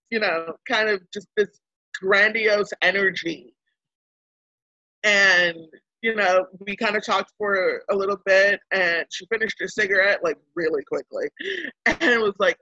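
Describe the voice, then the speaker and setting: A woman's voice: mid-range voice, moderate pace, dry recording, lo-fi sound. A woman from Baltimore, a guest in a casual interview, telling a story animatedly and acting out what people said. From Baltimore, United States. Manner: animated storyteller who acts out quotes.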